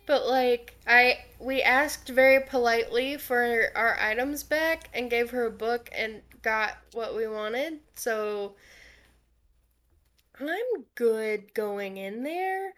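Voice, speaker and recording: Woman game master, casual and self-deprecating, slightly high voice. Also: takes it slowly, fairly bright tone. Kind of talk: running a tabletop game, casual.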